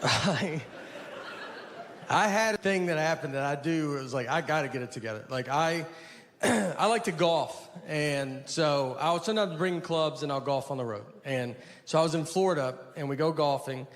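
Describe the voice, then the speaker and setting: Low-key rambling stand-up comedian, man. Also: moderate pace. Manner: low-key, rambling, self-deprecating delivery. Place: live comedy venue with audience.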